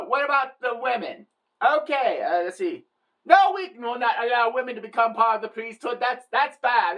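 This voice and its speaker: A woman putting on a deliberately bad Italian accent to voice pompous male church elders in old Rome, laying down church rules. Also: on the high side, fairly bright tone, distant mic, low-quality recording. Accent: Italian, put on badly.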